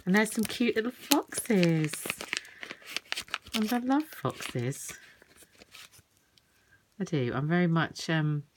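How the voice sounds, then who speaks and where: Very low-voiced woman chatting while unboxing. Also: background noise. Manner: rambling, warm-hearted chatter with little asides. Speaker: craft vlogger; works in a school with children. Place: home at night, indoors.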